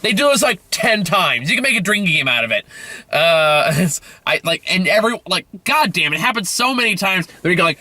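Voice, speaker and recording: A man rants his way through a film review with a bright, forceful voice. His delivery is sarcastic and full of swearing, looping back on itself with fillers. He sounds worn out. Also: sits high, very animated, normal speed, no room sound. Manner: sarcastic, profane, rambling with fillers. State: tired. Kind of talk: casual film review rant.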